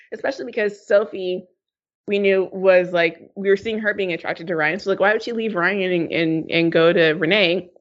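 A woman chatting casually as a podcast co-host, rambling and laughing often. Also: medium pitch. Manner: giggly, rambling, quick to laugh. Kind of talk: casual chat. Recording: slightly dull lo-fi sound.

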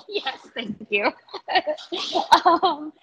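A woman chatting casually about a TV episode, sarcastic and animated, laughing often and acting out quotes. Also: high voice, extremely slow, dull audio, a little hiss or hum. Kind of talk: casual TV episode review chat.

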